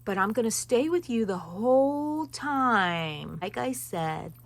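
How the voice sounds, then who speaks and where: Gravelly-voiced lady doing a crochet how-to, rambly and chatty, talks right to the viewer. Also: on the high side, animated, takes it slowly. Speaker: crochet tutorial host. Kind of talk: casual step-by-step tutorial chat.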